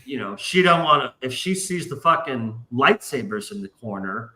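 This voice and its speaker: A man's voice: mid-range voice, animated, normal speed, pushed and bright, reverberant. A man hosting a casual livestream chat, telling long rambling profane stories. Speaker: podcast host.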